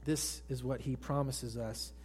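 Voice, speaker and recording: A male pastor preaching to a congregation, swinging from raised emphatic lines to hushed soft ones and putting questions to his listeners. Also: medium pitch, fairly even intonation, measured pace, slight background noise. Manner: asks the congregation direct questions. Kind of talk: sermon. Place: church service with congregation.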